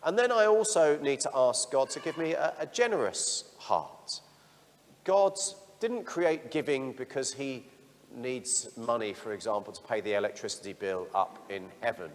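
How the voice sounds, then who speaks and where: A middle-aged parish priest giving a sermon, telling stories about himself in a candid, self-deprecating way. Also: male voice, medium pitch, animated, moderate pace, in a large hall. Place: church.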